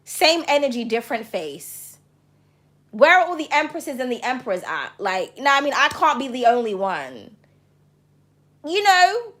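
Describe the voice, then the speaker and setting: A woman's voice: high-pitched, very animated, moderate pace, fairly bright tone. A woman giving a tarot reading to camera, talking passionately and bluntly, with frequent swearing. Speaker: tarot reader.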